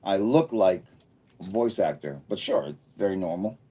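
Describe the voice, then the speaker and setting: A man hosting a casual live stream from an indoor room lit by a bright studio light, chatting and thinking aloud as he reads viewer comments. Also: sits low, lively intonation, normal speed, slightly rough. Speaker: livestreamer.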